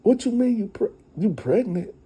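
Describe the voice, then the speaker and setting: A man voicing a bewildered, excitable husband with raised, incredulous outbursts during a storytime retelling. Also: high-pitched, moderate pace, slightly rough, pitched above the performer's own voice, heavily acted.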